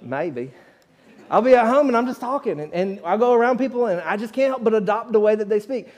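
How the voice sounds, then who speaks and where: A man's voice: high voice, expressive, fairly quick, a little mellow. A man preaching a sermon to his congregation in a conversational way, with restarts and asides to the crowd. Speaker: pastor.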